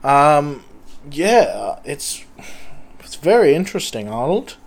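A man's voice: fairly high pitch, sing-song, slow pace, vocal fry, heavily acted. A man voicing a deferential, bland male podcast cohost who mumbles politely and repeats himself. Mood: politely bored. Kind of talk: improvised comedy character.

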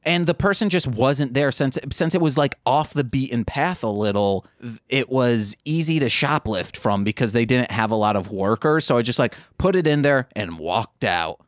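A man with a bouncy, animated voice trades jokes and rambling stories as a podcast co-host. He has the hiccups. The sound is dry and close, with no room around it. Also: mid-range voice, normal speed, dry recording. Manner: joking, rambling storyteller. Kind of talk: casual chat. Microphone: remote voice chat.

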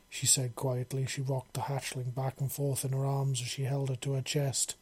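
A man narrating a story in a steady reading voice. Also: mid-range voice, normal speed, hardly any pauses, breathy edge.

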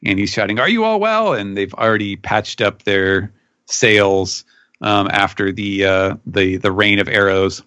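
Male podcast panelist, low-ish bright voice, casual recap with quick character voice bits. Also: completely flat delivery, smooth, no echo, dull audio. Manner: retells scenes, briefly pitching up to act out quoted lines. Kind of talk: casual manga recap chat.

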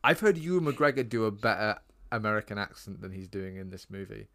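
A man's voice: fairly low pitch, a little fast, a bit bright. A British man co-hosting a casual film chat, rambling on with lots of ums and likes. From Britain. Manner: chatty, rambling with frequent ums. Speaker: podcast co-host.

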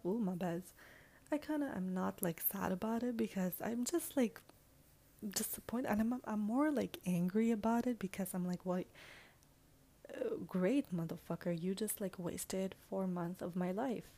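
A young woman telling a dating story in a casual vlog. She is frank and animated, leans on "like" constantly, swears freely and drops into hushed asides. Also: medium pitch, vocal fry.

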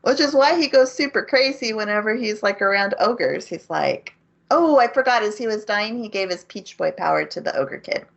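A woman's voice: medium pitch, expressive, normal speed, vocal fry, highs cut off. A woman co-hosting a casual podcast, retelling an anime plot and laughing often as she goes. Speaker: podcast co-host. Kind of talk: casual anime recap chat.

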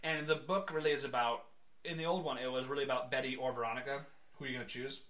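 A man's voice: mid-range voice, fast talker. A man co-hosting a casual podcast, chatting about comics, laughing often and acting out lines. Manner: animated, laughs often, acts out quotes. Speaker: podcast co-host. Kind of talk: casual comic book chat.

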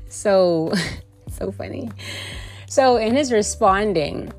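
A woman hosting a faith podcast, chatting lively and directly to her listeners like family. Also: mid-range voice, takes it slowly, gravelly, long pauses, faint music behind. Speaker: podcast host.

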